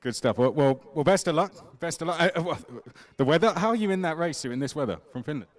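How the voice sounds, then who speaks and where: A man's voice: on the high side, expressive, quick pace, no room sound. A man interviewing drivers outdoors at a kart track in casual chat, upbeat and rallying, with many fillers and restarts.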